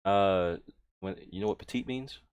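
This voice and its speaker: A man running a tabletop game as game master, explaining things patiently and gently. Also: sits low, normal speed, clean tone, no echo.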